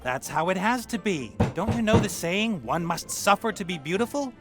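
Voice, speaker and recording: A man's voice: high-pitched, animated, normal speed. A man voicing a sly young adventurer posing as a hatter in a video game, teasing and mock-gallant. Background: game music.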